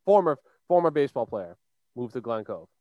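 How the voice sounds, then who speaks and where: A man's voice: medium pitch, very animated, fairly quick, no room sound, dull audio. A young man from Long Island, co-hosting a casual chat show and telling a rambling story full of fillers and restarts. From Long Island, New York. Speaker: podcast co-host.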